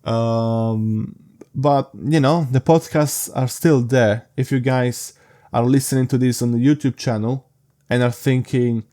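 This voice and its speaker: A young man hosting a casual solo podcast, rambling frankly with halting restarts and sounding sleepy. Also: medium pitch, fairly even intonation, dark tone. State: sleepy, yawning. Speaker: podcast host.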